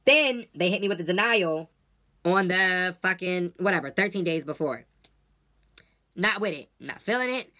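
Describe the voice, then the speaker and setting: A woman's voice: lowish voice, lively intonation, normal speed, sharp tone. A woman vlogger venting casually to her viewers, blunt and profane, telling stories with lots of animation.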